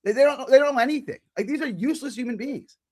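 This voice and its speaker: A man arguing loudly and combatively with chat comments on a live stream. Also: very high-pitched, fast. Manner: combative, argumentative, loud. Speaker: regular show guest. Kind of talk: heated live-stream talk.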